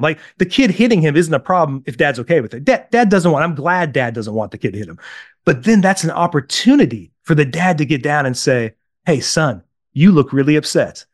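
A man with a fairly high voice, recorded dry and close, talks as a parenting coach in an interview. He tells anecdotes with animation, acts out the people in them and keeps checking in with his listener. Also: dry recording. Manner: animated storyteller, acts out quotes, keeps asking "right?". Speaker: parenting coach, podcast guest.

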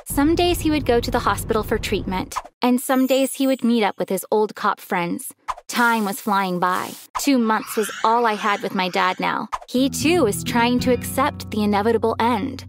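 A woman's voice: a little high, moderate pace, music in the background. A woman narrating a first-person story with an emotional, dramatic delivery. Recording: noisy recording.

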